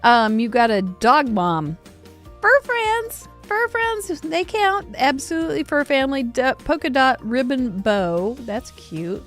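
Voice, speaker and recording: A woman hosting a live cardmaking show, chatting casually and rambling with frequent giggles and restarts. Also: medium pitch. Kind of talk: casual livestream chat.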